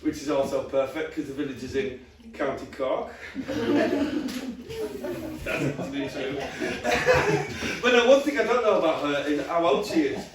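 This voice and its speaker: A young man performing a stand-up comedy set, telling stories in a lively way and often laughing along. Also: fairly high pitch, a little slow, slight background noise. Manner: lively storytelling with frequent laughter. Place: comedy venue with live audience. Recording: roomy stage audio from far off, crowd behind.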